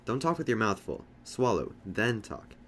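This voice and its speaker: A man reading the part of a firm, polite mother who gently corrects her kids. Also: fairly low pitch, big pitch swings, moderate pace, slight background noise.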